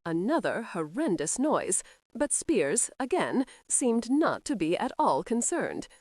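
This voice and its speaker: A woman narrating a historical romance audiobook in an expressive reading style. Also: fairly high pitch, slow, no echo, clean studio sound. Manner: lively, character-voicing reading.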